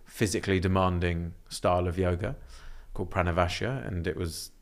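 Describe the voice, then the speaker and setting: A young man with a very low voice chats as a podcast guest. He talks in a relaxed, reflective manner, his phrasing loose and wandering. His pitch sits deep below most men. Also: fairly quick. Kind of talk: casual conversation.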